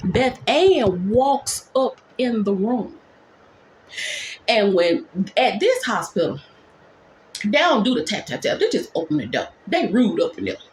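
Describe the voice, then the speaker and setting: A woman nurse telling a dramatic workplace story in a storytime vlog, talking in quick, animated bursts. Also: mid-range voice, echoey room, slight background noise.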